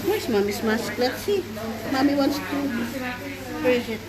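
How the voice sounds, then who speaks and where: Very animated and high-voiced, a mother speaking at normal speed with a Filipino accent films her small child and coaxes them in casual, sing-song chatter. The setting is a busy outdoor zoo whose crowds can be heard throughout the recording.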